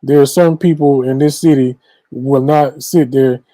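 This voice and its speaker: A man co-hosts a casual sports show. His voice is mellow and dark, recorded dry and close. He talks in a playful, animated way. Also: mid-range voice, measured pace, no room sound, low-quality recording. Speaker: podcast co-host.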